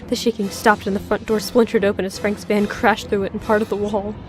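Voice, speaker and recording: A woman narrates a horror story at an ordinary mid pitch. Her telling is measured and even. Faint music plays underneath.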